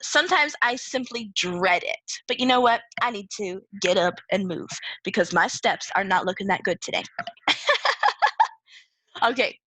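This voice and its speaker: A woman teaching a reading lesson to young children, playful and animated, often laughing as she explains. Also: mid-range voice, normal speed, no echo. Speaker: second-grade teacher.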